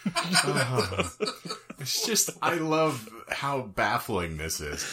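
A man's voice: mid-range voice, very animated, slow. A man co-hosting a comedy podcast, reading a history story aloud with crude joking asides. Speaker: podcast co-host.

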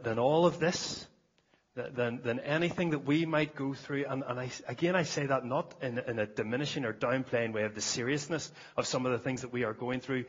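A man's voice: mid-range voice, breathy edge, lo-fi sound. A man preaching a sermon at a church service, earnest, often repeating words as he starts a phrase.

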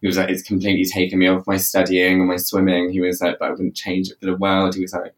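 A man co-hosting a podcast, telling a story in casual chat, quick and animated, laughing often and acting out what others said. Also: deep voice, recorded from a distance. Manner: animated, laughs often, quotes others in rapid reported speech. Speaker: podcast co-host.

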